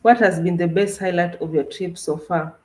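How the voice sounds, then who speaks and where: A Kenyan travel vlogger chats casually and animatedly with her co-host about her trip on a livestream, often restarting her sentences. Her voice is fairly low, darkish, and steady in tone at a moderate pace. The audio is poor, with an echoey room.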